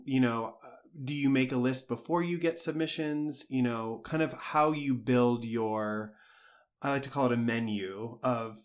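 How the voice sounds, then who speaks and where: A man hosts a casual interview, asking long, rambling questions that circle around before landing. His voice sits at an ordinary middle pitch. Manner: rambling, searching questions with fillers.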